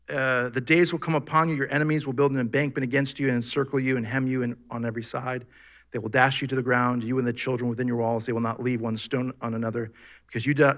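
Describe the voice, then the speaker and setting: A man preaching a sermon as pastor, animated and full of rhetorical questions to his congregation. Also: mid-range voice. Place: church sanctuary.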